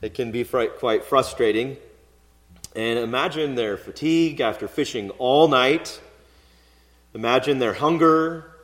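A man's voice: medium pitch, measured pace, fairly bright tone. A male pastor giving an expository sermon in a conversational, storytelling way, with occasional fillers. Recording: long hall reverb.

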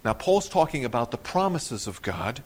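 A man preaching an expository sermon, acting out the quoted words with sudden rises in pitch and loudness, and sometimes repeating words as he explains. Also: normal speed, husky. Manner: animated preaching, rising sharply on quoted words. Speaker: pastor.

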